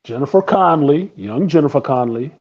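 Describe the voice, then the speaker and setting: A man's voice: on the high side, brisk, lo-fi sound. A man co-hosting a live talk stream, telling crude, laughing stories in casual banter. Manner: crude, laughing, animated storytelling. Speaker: podcast co-host.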